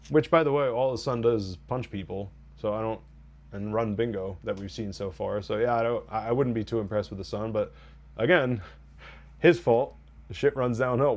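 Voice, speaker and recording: A man's voice: lowish voice, a little mellow. Rambling man recapping a TV episode. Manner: rambling, wry, quotes scenes in mock voices. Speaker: TV review podcast host. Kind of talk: casual spoiler recap and review.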